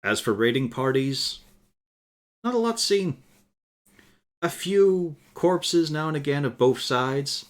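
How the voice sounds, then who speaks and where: A man's voice: on the high side, lively intonation, slow, long pauses. A man narrating a tabletop game as game master on a live stream, in a dry, wry style with casual profanity.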